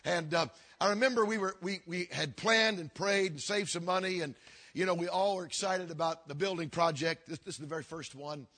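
Older preacher guy, kinda high husky voice, earnest sermon story, repeats himself. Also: fairly quick. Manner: earnest, repetitive preaching cadence that drops low and quiet. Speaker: pastor.

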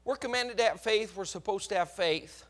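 A man preaching a sermon, swinging between hushed lines and emphatic, acted-out pleas. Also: high voice, moderate pace.

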